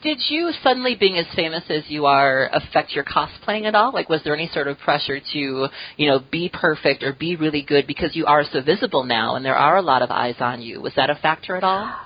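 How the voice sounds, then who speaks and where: A woman with a low, husky voice hosts an interview, her pitch rising and falling in lively swings. She asks long questions and gives her guest plenty of encouraging murmurs. The recording has a slightly dull, lo-fi tone. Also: fairly quick, few pauses, no room sound. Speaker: podcast host. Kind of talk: interview hosting.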